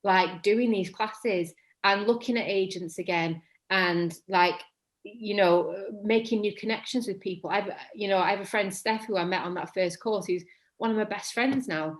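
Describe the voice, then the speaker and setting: In a casual interview, a guest actor in her thirties from England speaks at normal speed and medium pitch, with a Mancunian accent. She describes her voice as tending to be monotonous, and she rambles and corrects herself as she talks.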